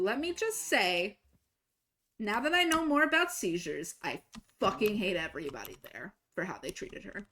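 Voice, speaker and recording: A young woman streaming a game, casually telling a story, swinging between exasperated, swearing outbursts and quiet asides. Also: mid-range voice. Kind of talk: casual storytelling while gaming.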